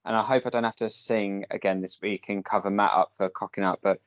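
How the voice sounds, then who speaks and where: A man's voice: fairly low pitch, fairly even intonation, fairly quick. A young man with a posh English accent chatting hesitantly, with many ums. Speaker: podcast guest. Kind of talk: casual chat. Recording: dull lo-fi sound.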